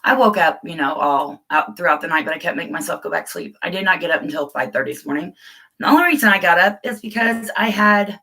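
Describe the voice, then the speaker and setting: Chatty woman on a bright live stream. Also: on the low side, quick pace, husky. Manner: chatty, rambling, laughs often, greets viewers by name. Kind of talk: casual live chat.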